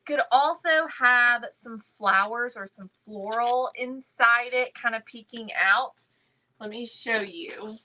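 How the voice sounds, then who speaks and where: A woman talks slowly and warmly chatty through a thrift haul, saying "y'all" and greeting viewers by name. Her voice has a bright, forward tone. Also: on the high side, rough recording. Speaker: crafting livestream host. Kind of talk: casual thrift haul chat.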